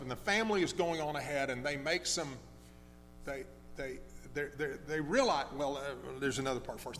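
A man preaching a sermon, telling a story in a conversational, halting way with many restarts. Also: a little high, fairly bright tone. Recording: long hall reverb with faint hum.

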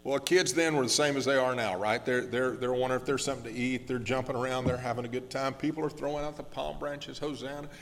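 A man preaching a sermon as pastor, earnest and slowing down on key words, with frequent restarts. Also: medium pitch, fairly even intonation, gravelly, big-room sound. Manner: earnest, slows down for emphasis with many restarts.

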